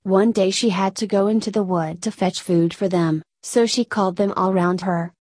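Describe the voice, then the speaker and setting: A woman's voice: mid-range voice, fairly even intonation, normal speed, a little mellow, husky, no echo. Woman reading a fairy tale aloud. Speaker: storyteller.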